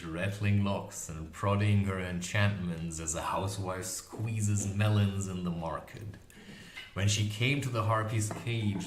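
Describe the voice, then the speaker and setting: A man narrating a fantasy novel aloud in an expressive, lively storytelling manner. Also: low-pitched, background noise. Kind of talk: audiobook reading of a fantasy novel. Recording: echoey room recording with faint ambience.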